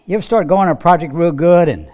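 Lively, slightly high-voiced male pastor preaching. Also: quick pace. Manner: animated storytelling that acts out quoted voices; conversational, asks the listeners questions. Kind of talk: sermon.

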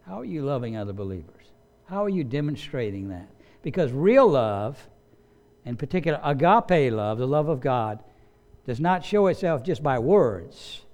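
A man's voice: mid-range voice, sing-song, moderate pace, darkish tone. A man preaching a sermon as pastor, emphatic and repeating key phrases for weight.

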